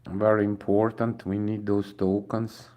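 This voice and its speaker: A man's voice: on the low side, a little slow. A young man with a Dutch accent, speaking English as a second language, casually commenting on his mobile racing game while tired and yawning. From Netherlands. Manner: relaxed, thinking aloud to viewers.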